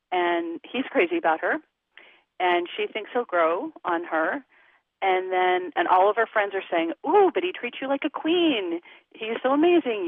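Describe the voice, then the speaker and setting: A woman's voice: lowish voice, dry recording. A woman relationship coach speaking frankly and emphatically in an interview over the phone. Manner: frank and emphatic, talks candidly about sex. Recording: tinny phone line, dry.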